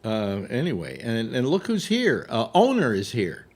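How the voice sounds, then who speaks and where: A man hosting a casual panel chat on a video call, sarcastic and animated, stumbling over restarts. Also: medium pitch, normal speed. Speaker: host.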